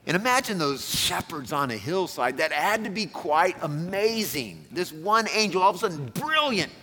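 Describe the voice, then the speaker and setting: Animated male preacher in a reverberant hall. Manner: animated preaching, swings from loud calls to quiet lows. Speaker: pastor. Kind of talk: sermon. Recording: long hall reverb, faint noise.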